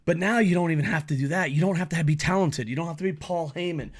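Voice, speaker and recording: A man's voice: a little high, fast talker. A man giving a blunt, profanity-heavy solo opinion rant as a wrestling commentary YouTuber.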